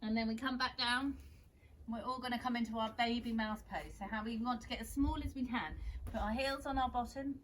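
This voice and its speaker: A young woman leads a children's yoga session in a gentle, encouraging way. Her voice sits slightly high. A faint hum of background noise runs underneath. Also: a little fast. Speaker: kids yoga teacher. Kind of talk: guiding a children's yoga class.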